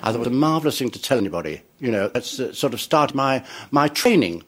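A man's voice: mid-range voice, very animated, fast. An older man, an entertainer telling chuckling stories about his career and acting out the people in them. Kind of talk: anecdotal storytelling.

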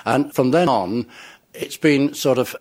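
A man's voice: mid-range voice, unhurried, darkish tone. An older man, an entertainer telling chuckling stories about his career and acting out the people in them. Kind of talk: anecdotal storytelling.

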